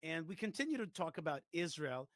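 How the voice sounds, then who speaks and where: A man hosting a talk show, introducing a clip in a conversational way with pauses. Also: a little high, sing-song, a bit bright, dry recording. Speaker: show host.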